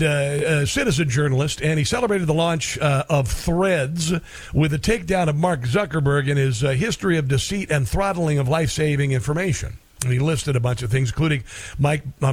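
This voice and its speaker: Rambling middle-aged radio host, dry sound. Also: male voice, on the high side, no room sound. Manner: rambling, folksy, lots of fillers. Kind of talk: talk radio monologue.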